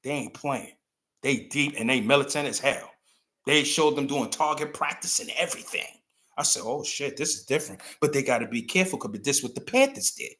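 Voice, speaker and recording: A man's voice: medium pitch, expressive, fairly quick, sharp tone. A man hosting a talk show, delivering a casual, rambling opinion monologue and acting out the people he quotes. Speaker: commentary show host.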